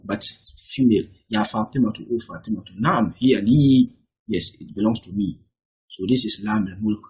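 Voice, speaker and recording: A man's voice: medium pitch, a little mellow, husky. A man teaching an Arabic lesson, who reads example sentences and then translates and explains each one.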